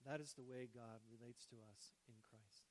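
A man preaching a sermon as pastor, swinging between hushed tender lines and loud, joking bursts. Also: medium pitch, moderate pace, a little hiss or hum, low-quality recording. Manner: animated, shifts between hushed and loud, jokes.

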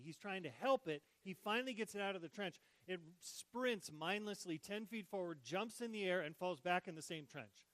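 A man preaching a sermon as pastor, swinging between hushed tender lines and loud, joking bursts. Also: sits high, no echo, poor audio. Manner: animated, shifts between hushed and loud, jokes.

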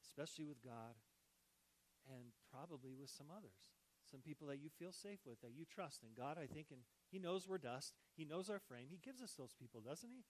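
Animated man preaching a sermon. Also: on the high side, a little fast, low-quality recording. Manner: animated, shifts between hushed and loud, jokes. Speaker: pastor.

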